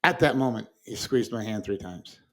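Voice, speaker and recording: A grieving man co-hosting a talk show shares a personal story in casual conversation, halting, restarting, and laughing softly. His voice is on the low side with lively intonation.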